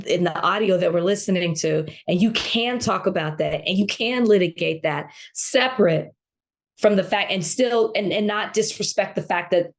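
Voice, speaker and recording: A woman co-hosting a podcast, talking in heated casual chat with passionate indignation, often restarting phrases. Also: medium pitch. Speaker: podcast co-host.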